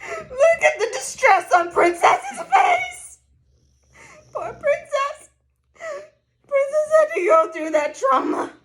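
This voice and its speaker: A woman playing a distraught pet owner wails and sobs melodramatically. She talks slowly in a high voice. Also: very animated, fairly bright tone, heavily acted. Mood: melodramatic. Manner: sobbing, tearful and melodramatic. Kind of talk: amateur comedy sketch acting.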